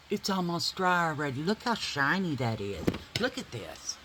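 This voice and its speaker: Lady chattin while doin her makeup, cusses a lot, kinda low but bright voice, lil bit of room hiss. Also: big pitch swings, moderate pace, hardly any pauses, poor audio. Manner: chatty, swears casually, addresses viewers as y'all. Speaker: vlogger. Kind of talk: casual storytelling while doing makeup.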